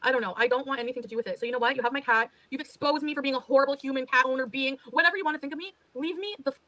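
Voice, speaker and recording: A woman's voice: sits high, rapid-fire, pushed and bright, low-quality recording. A woman ranting defensively on a livestream, exasperated and swearing as she talks. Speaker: livestreamer being reacted to. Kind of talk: heated livestream rant.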